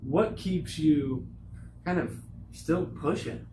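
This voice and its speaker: Brief: chatty male host, slightly higher voice, echoey noisy room. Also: takes it slowly. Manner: chatty, fillers like "like" and "dude". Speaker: podcast host. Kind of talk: casual interview chat.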